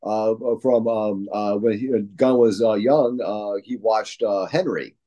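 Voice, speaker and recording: Man, casual co-host. Mellow, relaxed, filler-heavy rambler. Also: fairly low pitch, a little slow. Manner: rambling, filler-heavy, enthusiastic fan talk. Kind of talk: casual chat.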